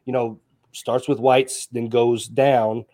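A man's voice: mid-range voice, slow pace. A man co-hosting a podcast, arguing his point in a profane, casual debate. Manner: profane, argumentative, animated. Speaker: podcast co-host.

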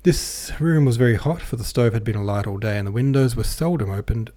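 A man reading a classic novel aloud as an audiobook narrator, with a measured, even delivery. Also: medium pitch. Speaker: podcast host and audiobook reader.

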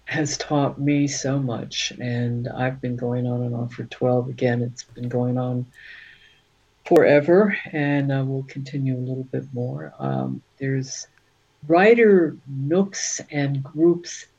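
Woman, author guest on an interview; slow, rambling, chatty delivery; slightly dull recording. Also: rumbling low, mellow, husky. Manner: rambling, chatty, with many fillers. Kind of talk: casual interview chat.

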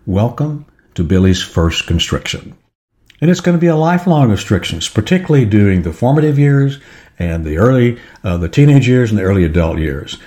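A man's voice: lowish voice, dark tone. An older man gives a reflective motivational talk, telling a story and acting out its scenes.

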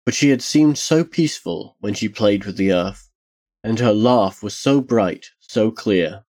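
Slow, low-voiced male storyteller. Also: a little mellow. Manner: measured, solemn storytelling. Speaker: narrator. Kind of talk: scripted narration of a dark fantasy tale.

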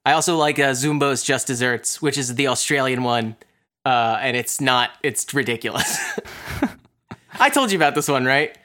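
A man co-hosting a loose, chatty podcast, rambling through his thoughts and poking fun at himself. His pitch sits mid-range but swings widely, bouncing up and down as he gets excited about a topic. He keeps drifting into goofy voices along the way. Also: moderate pace. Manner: rambling, animated, self-deprecating, slips into silly voices. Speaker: podcast co-host. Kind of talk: casual chat.

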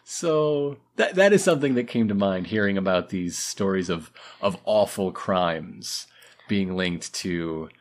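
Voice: low-pitched, lively intonation, unhurried. Wry podcast co-host with jokey asides. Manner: wry, reflective, cracks jokes. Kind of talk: casual chat with jokey asides.

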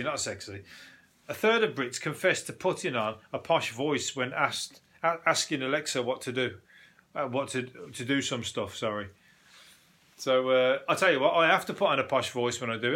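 Sweary man, bright forceful voice. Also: medium pitch. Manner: sweary, laughing, rambling. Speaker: podcast host. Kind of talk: casual news review chat.

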